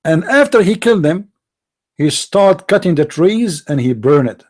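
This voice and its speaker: High-pitched and very animated, this man speaks at a moderate pace with a darkish tone. He hosts a live online call-in debate, heated in his non-native English and relentless with rhetorical questions.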